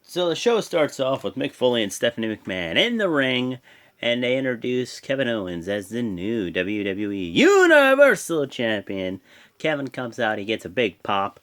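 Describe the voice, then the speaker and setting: A man hosting his own channel, giving a casual, rambling recap full of fillers and restarts, animated as he goes. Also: mid-range voice, normal speed. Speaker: host. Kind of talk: casual wrestling show recap.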